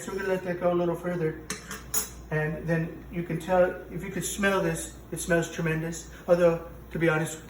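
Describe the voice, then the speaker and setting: A man's voice: on the high side, a little hiss or hum, natural voice. A man playing a bragging, rambling president-chef. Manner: bragging, rambling, self-contradicting. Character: boastful rambling male president hosting a cooking show. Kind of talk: comic cooking show parody. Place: home kitchen. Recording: echoey kitchen, mic from a distance.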